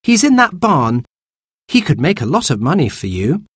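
As a man puts him on, a polite young boy speaks in a high storybook voice. The tone is lively and a bit husky. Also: moderate pace, no room sound, clean studio sound, exaggerated voice.

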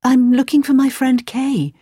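A lost little girl from a storybook, earnest and pleading as she searches for her friend, voiced by a woman reading aloud. The voice is pitched well above the reader's own, and the recording is close and dry. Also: fairly even intonation, a little slow, mellow, husky, no room sound.

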